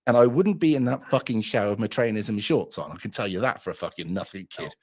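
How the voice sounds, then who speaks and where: In an animated, lowish voice at a quick pace, a hungover man runs a livestream full of crude chatter, cursing, and rambling.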